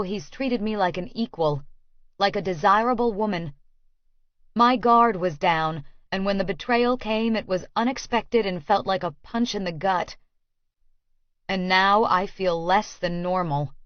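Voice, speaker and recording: A woman reads a first-person audiobook in a clear, expressive way. The sound is dry and a little dull, as in a small studio booth. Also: medium pitch, no room sound. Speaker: audiobook narrator.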